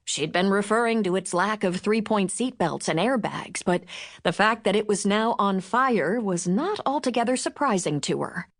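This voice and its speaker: A woman narrating a novel in measured, expressive storytelling. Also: mid-range voice. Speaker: audiobook narrator. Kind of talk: scripted audiobook narration.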